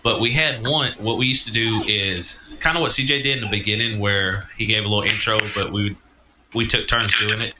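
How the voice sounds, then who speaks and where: A man's voice: lowish voice, fairly quick. A man co-hosting a podcast, telling wry stories in laid-back casual chat. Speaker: podcast host. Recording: roomy and noisy.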